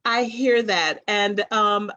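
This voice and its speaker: A woman's voice: medium pitch, slow pace, sharp tone, no room sound. A woman hosting an interview, encouraging her guest and reading out viewer comments. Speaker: host. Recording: dry, muffled lo-fi audio.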